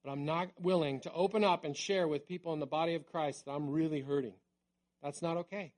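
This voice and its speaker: Middle-aged male pastor, conversational sermon, slightly high voice, hushed drops on key words. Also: fairly even intonation, brisk. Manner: conversational preaching, dropping to a hush on key words.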